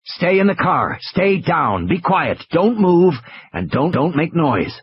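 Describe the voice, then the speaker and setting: A firm, instructing grown man, as a man reads him aloud, husky and lively in pitch. The audio is dull and lo-fi. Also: slow, no echo, heavily acted. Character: calm adult man giving orders over radio.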